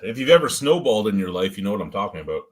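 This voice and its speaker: A man's voice: on the low side, very animated, rapid-fire. A man hosting a casual beer review, talking through smells and flavors with frequent swearing and jokes. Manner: profane, joking, chatty running commentary.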